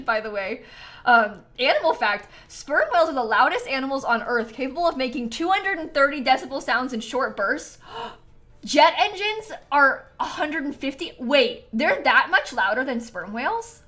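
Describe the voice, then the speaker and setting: Soft music sits behind this woman's high, pushed, bright voice as she hosts a livestream. Speaking at a moderate pace and in an animated way, she giggles, chats casually while gaming, and thanks her viewers for donations.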